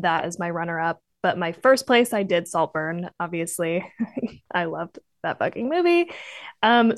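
A woman's voice: medium pitch, dry recording, clean studio sound. A woman co-hosting a casual podcast, talking candidly and swearing freely. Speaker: podcast co-host.

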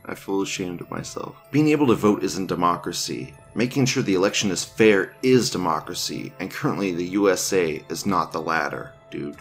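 A man's voice: low voice, moderate pace, faint music behind. A man hosting casual news commentary, reading posts aloud with frequent laughter, profanity and sarcasm.

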